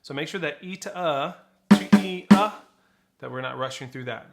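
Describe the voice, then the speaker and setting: A man's voice: a little high, expressive, moderate pace, loud music behind the voice. A man teaching snare drum technique, explaining flams and rolls and counting rhythms aloud. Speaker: percussion teacher. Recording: loud drumming behind the voice.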